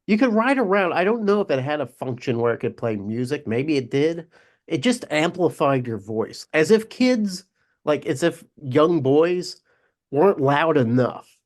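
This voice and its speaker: A man co-hosting a casual sports podcast, chatty and quick to laugh, often restarting his sentences. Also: fairly high pitch, big pitch swings. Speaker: podcast co-host.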